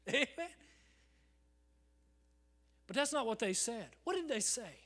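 High, bright-voiced preacher with dramatic swings. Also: male voice, fairly quick, long pauses. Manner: dramatic swings from loud calls to hushed near-whispers; acts out congregants in quoted voices, asks the crowd "Amen?". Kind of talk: sermon. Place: church service.

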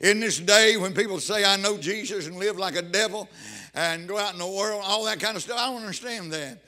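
Older preacher guy, high bright voice, gets fired up hollering praise. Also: fairly quick. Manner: fervent preaching, rising to shouted praise. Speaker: pastor. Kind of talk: sermon.

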